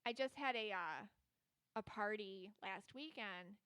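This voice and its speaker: Woman podcast host and psychic reader, solo and casual, rambling and chatty, bright and smooth, dry close sound. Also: mid-range voice, a little slow, no room sound. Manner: chatty, rambling, heavy with filler words.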